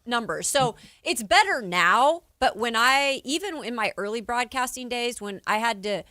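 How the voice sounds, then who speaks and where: Chatty, bright-toned sports radio woman. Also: fairly high pitch, expressive, normal speed, no echo, studio quality. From Spokane, Washington. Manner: chatty, laughs easily. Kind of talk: casual sports talk.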